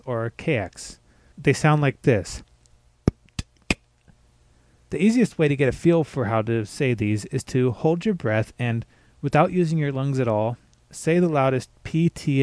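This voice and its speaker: A man giving a scripted pronunciation lesson, spelling out words letter by letter and slowly demonstrating the sounds. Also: medium pitch, lively intonation, darkish tone, slight background noise. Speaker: language teacher.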